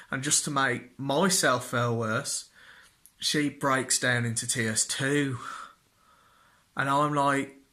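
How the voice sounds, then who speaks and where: A man's voice: medium pitch, pushed and bright. A young man telling a personal story to camera, self-deprecating and jokey, acting out what people said in raised voices. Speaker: vlogger.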